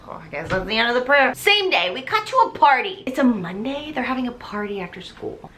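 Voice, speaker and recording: A tipsy woman hosting a comedic musical recap, chatty and bubbly, jumping into quick character voices. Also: on the high side, very animated, sharp tone, a little hiss or hum. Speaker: host.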